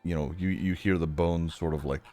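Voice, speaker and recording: Low-voiced guy running a tabletop game, kinda hesitant, lots of uhs. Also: fairly even intonation, fairly quick, mellow, soft background music. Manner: hesitant, many sort-of and uh fillers. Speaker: game master.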